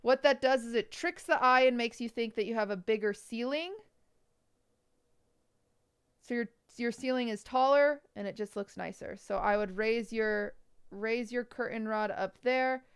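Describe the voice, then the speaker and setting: A woman's voice: on the high side, a little slow, smooth. Blunt, teasing woman streamer. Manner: blunt, teasing, nitpicky advice. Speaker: streamer reviewing viewers' bedrooms. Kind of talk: casual livestream critique.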